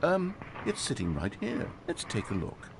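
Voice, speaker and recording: A chatty, self-doubting video game narrator. His voice leaps around with huge, animated swings in pitch and a theatrical, fretful manner. A steady noise hums underneath. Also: normal speed, creaky, full character voice.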